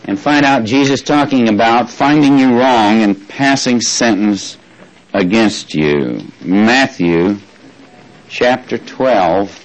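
A man teaching a Bible study as a sermon. He asks the congregation questions and repeats key phrases, slowing down to spell out what words mean. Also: medium pitch, poor audio.

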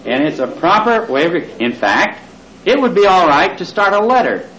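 A man's voice: high voice, big pitch swings, normal speed, fairly bright tone. A man preaching a sermon to a congregation, getting them to repeat words aloud and tossing in jokey asides. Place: church hall with congregation. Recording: echoey, distant, lo-fi cassette recording.

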